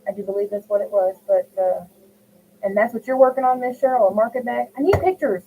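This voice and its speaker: A woman's voice: medium pitch, little pitch movement, fast talker. A middle-aged woman chatting casually while she crochets at home, reading viewers' comments aloud and answering them by name. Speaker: crochet livestream host. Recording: tinny phone-like audio with faint hiss.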